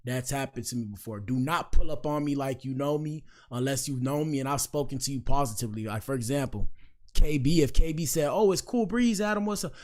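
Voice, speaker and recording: Young male host, mid-pitched, relaxed slang-heavy commentary. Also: fairly quick. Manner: laid-back, repetitive slang, says "bro" a lot. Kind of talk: casual commentary.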